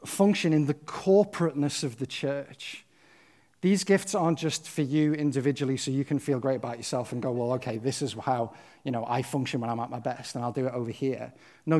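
A man's voice: a little high, a little mellow. A man preaching a sermon, earnest and conversational, often checking in with his listeners. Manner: emphatic, impassioned.

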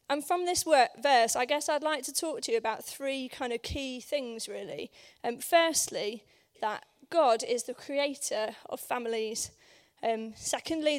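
A woman with a hoarse voice preaching at a church service, talking in a conversational way with many ums and questions put to the congregation. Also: sits high. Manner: conversational, many ums, asks the room for agreement. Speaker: guest preacher. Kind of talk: informal sermon.

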